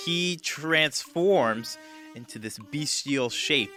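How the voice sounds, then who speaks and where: A man narrating a tabletop game as game master, halting with many restarts. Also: mid-range voice, bright, forceful tone, faint music behind. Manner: halting, full of fillers and restarts.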